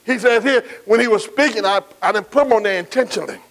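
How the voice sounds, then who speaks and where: High-voiced preacher man. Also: a bit bright, low-quality recording. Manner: call-and-response preaching, drawn-out scripture quotes, folksy asides. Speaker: pastor. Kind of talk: sermon.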